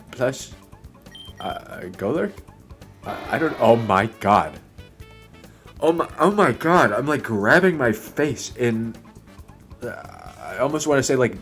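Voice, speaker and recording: A young man streaming a game, chatting casually, rambling and swearing, with sudden loud outbursts between mumbles. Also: medium pitch.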